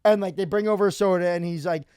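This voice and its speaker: A young man co-hosting a podcast, excitable and swearing, telling rambling stories. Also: high-pitched, quick pace, clean tone, dry recording, clean studio sound. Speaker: podcast co-host. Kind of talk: casual chat.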